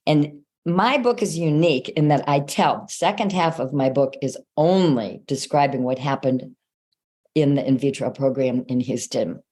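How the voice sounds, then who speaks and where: An older woman speaks in a low voice as the guest in an interview. She tells her own story with energy and acts out other people's lines as she goes. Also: normal speed, darkish tone. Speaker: guest author.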